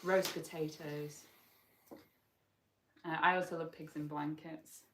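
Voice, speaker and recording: A woman's voice: low voice, flat delivery, slow, fairly bright tone. A woman chatting as a guest on a livestream, dry and self-deprecating. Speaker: guest co-host. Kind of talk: casual chat. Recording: roomy, distant mic, faint noise.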